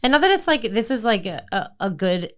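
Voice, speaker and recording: A woman's voice: medium pitch, very animated, a little fast. A woman who hosts a podcast and coaches running, talking in a casual, blunt, profane and teasing way.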